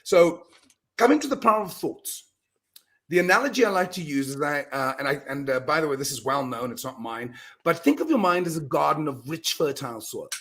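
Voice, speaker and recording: A man talking as a guest in a casual interview, telling animated stories and acting out his own self-talk, often restarting words. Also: a little high, fairly quick. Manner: animated storyteller, repeats words when restarting. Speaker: podcast guest, mindset coach.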